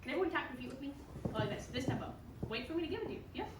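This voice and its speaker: A woman leads a school band rehearsal, upbeat and encouraging, singing out rhythms for the players. Her high voice is lively and rapid-fire. The recording is very noisy, echoey and distant-miked, with band instruments playing behind her.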